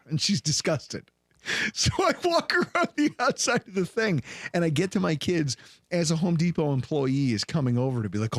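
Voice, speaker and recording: Animated podcast host, lively pitch. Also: male voice, moderate pace, dry recording, studio quality. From Buffalo, New York area. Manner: animated, acts out voices in anecdotes. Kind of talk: casual podcast storytelling.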